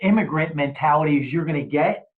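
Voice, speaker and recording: A man's voice: a little high, quick pace. A man hosting an interview, steering the talk with blunt, profane remarks. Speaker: podcast host. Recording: tinny phone-like sound.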